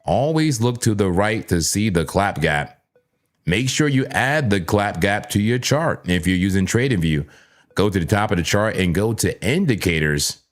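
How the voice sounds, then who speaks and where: Deep-voiced man hosting a chatty trading stream. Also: expressive. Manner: playful, chatty, talks straight to chat viewers; repeats words, quick self-corrections. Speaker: livestream crypto trading host. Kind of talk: casual live chart commentary.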